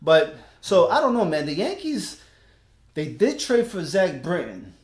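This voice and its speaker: A man in his thirties with a New York accent, co-hosting a casual sports podcast in a laid-back, laughing way with halting restarts. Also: sits high, very animated, roomy sound. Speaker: podcast co-host.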